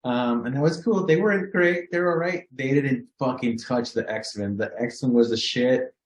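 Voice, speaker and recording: A man with a Southern Californian accent, co-hosting a podcast in casual chat, animated, swearing often and acting out his reactions. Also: medium pitch, moderate pace. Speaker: podcast co-host. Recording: echoey room.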